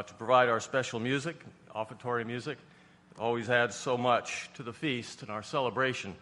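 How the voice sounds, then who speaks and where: A man's voice: medium pitch, bright, forceful tone, big-room sound. A man from New York preaching a sermon, folksy and conversational, rising to emphatic preaching. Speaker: pastor.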